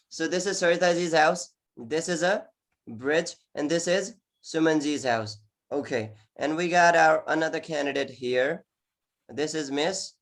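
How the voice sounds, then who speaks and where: A man's voice: fairly high pitch, fairly bright tone. A man teaching an online English exam class, encouraging, repeating words often with many "okay"s. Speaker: IELTS teacher.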